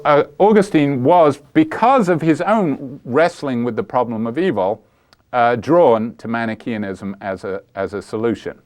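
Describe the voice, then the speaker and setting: A man's voice: fairly low pitch, darkish tone. A man giving an informal philosophy lecture, talking in a conversational, digressive way with many ums and uhs. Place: Flint, Michigan.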